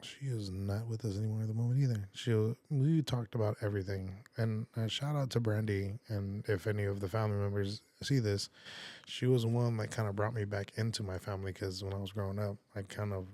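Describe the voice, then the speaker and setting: A man with a fairly low voice tells an emotional personal story as a podcast guest. He speaks in an earnest, rambling way, acting out what others said to him. The sound is close and dry, with no room echo. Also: steady tone, fairly quick, mellow. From San Antonio, Texas. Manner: rambling and earnest, full of "like" and reenacted quotes.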